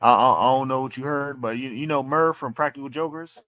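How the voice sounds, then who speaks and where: A man's voice: mid-range voice, brisk, fairly bright tone, dry recording, clean studio sound. A man teasing and joking with the host in casual podcast banter.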